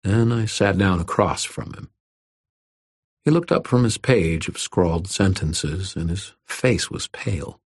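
An audiobook narrator tells a first-person story at a measured, even pace. His very low voice has a husky grain, and the recording is dry and close with no room echo.

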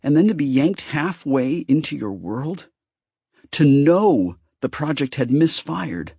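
A man's voice: sits high, animated, normal speed, vocal fry, slightly rough, no echo, studio quality, pitched above the performer's own voice, full character voice. A man voicing a fragile, hurt female fire spirit in an audiobook, speaking in a broken, small, pleading voice. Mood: anguished.

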